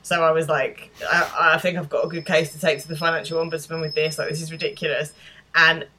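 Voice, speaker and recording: A woman co-hosting a podcast, recapping a TV episode and telling her own stories in an animated way. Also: low-pitched, fast talker. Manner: animated storytelling, laughs often. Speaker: podcast co-host. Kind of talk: casual chat recapping a TV episode.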